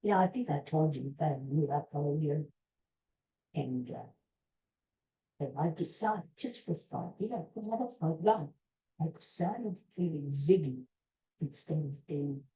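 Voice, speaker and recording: A woman hosting a podcast, chatting casually in an excitable, rambling way. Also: low-pitched, unhurried, pauses often, low-quality recording. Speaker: podcast host. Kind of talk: casual rambling chat to camera.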